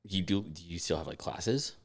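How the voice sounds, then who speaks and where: A man's voice: deep voice, normal speed. A man hosting a podcast, asking blunt questions and cracking jokes in casual chat. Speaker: podcast host.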